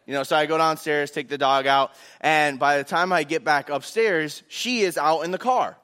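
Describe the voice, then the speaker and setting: Young male pastor with a high voice, animated sermon storytelling. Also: moderate pace, few pauses, clear, resonant tone. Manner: animated, acts out quotes.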